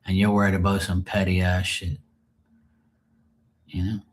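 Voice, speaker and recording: A man's voice: sits low, completely flat delivery, moderate pace. A man on a live stream venting in a rambling, emotional monologue, swearing often and sounding drained and sad.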